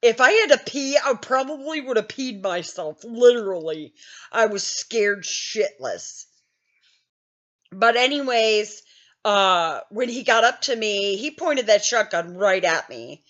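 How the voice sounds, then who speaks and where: A woman's voice: mid-range voice, animated, a little slow, a bit bright, highs cut off. An older woman hosting a gaming channel, telling a story in a blunt, self-mocking way with lots of swearing. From Wisconsin, US. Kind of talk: casual storytelling.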